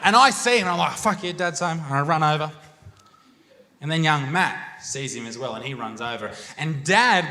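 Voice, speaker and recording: A man's voice: on the high side, animated, moderate pace, pushed and bright. Brash Australian man doing stand-up. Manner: crude, swearing, brash storytelling. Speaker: stand-up comedian. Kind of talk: stand-up comedy set. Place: comedy venue stage with live crowd.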